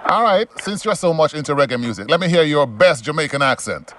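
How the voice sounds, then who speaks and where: A man's voice: fairly high pitch, animated, brisk, a bit bright, slight background noise. Upbeat radio host, man. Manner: upbeat, friendly. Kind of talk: radio interview.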